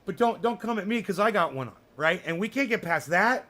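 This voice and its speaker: A man's voice: high voice, animated, fairly quick, sharp tone. A man hosting a livestream, talking in a rambling, profane, sarcastic rant. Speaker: livestream host. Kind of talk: casual ranting livestream chat.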